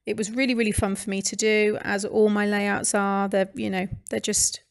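A woman's voice: mid-range voice, flat delivery, moderate pace, gravelly. A British woman hosting a craft channel, chatting casually through a scrapbooking voice-over with fillers and restarts. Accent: British English. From United Kingdom. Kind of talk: casual voice-over narration of a scrapbooking process video.

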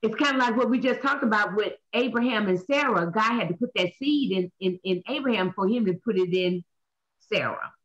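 A woman, hosting a Bible talk show as a minister, preaching in an animated way and asking and answering her own questions. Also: medium pitch, a little fast. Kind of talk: animated Bible study teaching. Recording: dull lo-fi sound.

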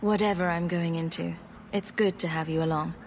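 An actress playing a resolute woman hero in a game, speaking in a calm, reassuring way. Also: on the low side, normal speed, a little hiss or hum, close to an everyday voice. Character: resolute woman hero leading her companions.

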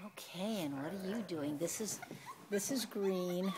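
A woman's voice: medium pitch, measured pace, noisy background. A woman filming her puppies at home, chatting and cooing to them in baby talk. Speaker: puppy owner filming her litter. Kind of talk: casual home video narration. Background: puppies playing and yelping.

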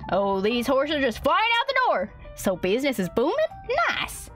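A woman's voice: a little high, big pitch swings, moderate pace, fairly bright tone. A young woman streaming a game, reading its text aloud and chatting in a hammy, folksy put-on cowboy drawl. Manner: reads game text aloud, laughs often. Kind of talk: playful let's-play commentary. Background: faint game music.

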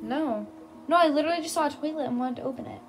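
A woman's voice: high-pitched, racing, faint music behind. A young woman chatting casually while playing a game, giggly and blurting out reactions. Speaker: gaming YouTuber. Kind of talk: casual let's-play chat.

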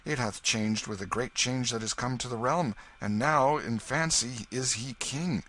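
A man's voice: medium pitch, measured pace, sharp tone, a little hiss or hum, pitched above the performer's own voice. A man voicing a tall, kindly knight in an audiobook, speaking in a cheery, bluff old-fashioned way. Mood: wry.

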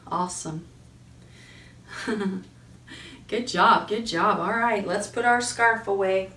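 A woman's voice: mid-range voice, a little slow, long pauses, sharp tone, husky, low-quality recording. A woman librarian leading a toddler storytime outdoors, coaxing the children along in a sing-song voice and imitating animal sounds.

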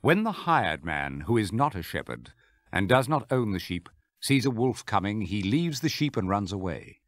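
Low-voiced guy reading jesus, calm teacher, measured, dry close mic. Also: dry recording. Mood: steady. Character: Jesus, a calm adult male teacher speaking with authority. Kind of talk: scripture reading.

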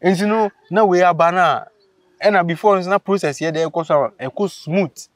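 A man, casually telling a story on a vlog, animated and laughing as he acts out what people said. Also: high-pitched, normal speed, dry recording, clean studio sound. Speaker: vlogger host.

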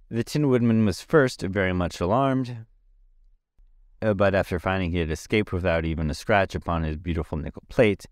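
A man's voice: deep voice, no echo, studio quality. A man giving an amateur audiobook reading of a children's story, plain and dotted with 'uh' fillers. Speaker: podcast reader.

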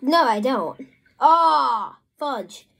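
Her high-pitched, expressive voice is slightly rough and moves at a normal speed. At her work table at home, this vlogger casually narrates a messy crafting session, flustered and apologetic whenever something goes wrong.

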